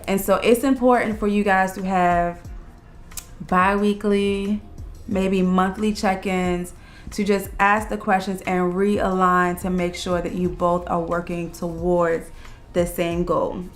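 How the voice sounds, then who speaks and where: A woman's voice: on the low side, flat delivery, soft background music. Earnest woman giving couples advice. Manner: earnest, explains step by step, slows down on key words. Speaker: co-host of a couples channel. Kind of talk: casual relationship advice chat.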